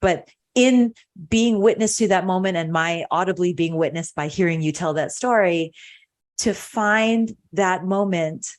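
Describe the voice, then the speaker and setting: A woman's voice: on the low side, measured pace. A woman hosting a podcast, talking in an earnest, reflective way and repeating phrases for emphasis. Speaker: podcast host. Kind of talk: casual podcast conversation.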